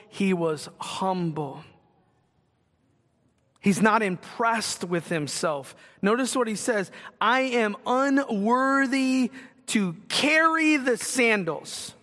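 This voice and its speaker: A man's voice: high-pitched, a bit bright. A man preaching a sermon, earnest and conversational, asking the congregation direct questions. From Northwest Ohio. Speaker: pastor. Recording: long hall reverb.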